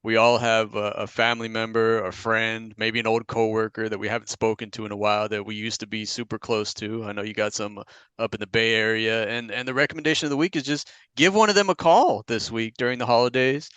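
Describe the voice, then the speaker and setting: A male podcast co-host with a bright, crisp and smooth voice, telling stories in easygoing casual chat. He's heard close on a dry mic with no room sound. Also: on the low side, fairly even intonation, a little fast, dry recording. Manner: easygoing storytelling with frequent restarts.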